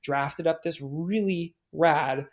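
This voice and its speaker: A man in his thirties, a podcast guest, telling a profane, animated anecdote and acting out the people in it. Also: fairly high pitch, takes it slowly. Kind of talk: casual anecdote storytelling.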